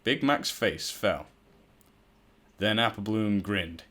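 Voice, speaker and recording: A man's voice: on the low side, slow pace, bright, forceful tone. A man casually reading a fan story aloud, stumbling over words and breaking off into profane, self-mocking asides. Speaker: fan fiction reader.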